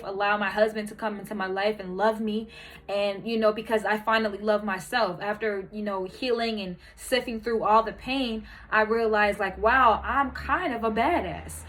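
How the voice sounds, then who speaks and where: A woman's voice: mid-range voice, fairly bright tone, slight background noise, low-quality recording. A married mother hosting her own show, speaking candidly and earnestly, with lots of fillers, as she encourages the listener directly. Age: adult, married mother. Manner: earnest and heartfelt, with many fillers. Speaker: podcast host. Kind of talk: candid personal monologue.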